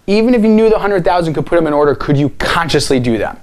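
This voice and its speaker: A calm male acupuncturist posing a question, as a man quotes him in a story. It stays close to the storyteller's own voice. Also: fairly high pitch, quick pace, voice pushed up, lightly acted.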